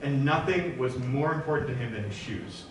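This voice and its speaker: A young man telling a comic monologue about a high school teacher, in a casual, animated storytelling manner. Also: moderate pace, background noise. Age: young adult. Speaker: improv performer. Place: stage in a university hall. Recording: echoey hall from far off.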